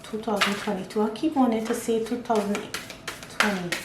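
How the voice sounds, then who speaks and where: A woman's voice: mid-range voice, steady tone, moderate pace. Woman musing over a tarot spread. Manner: thinking aloud, reading card meanings. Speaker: tarot reader. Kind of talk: casual tarot reading. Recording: echoey room, faint ambient noise.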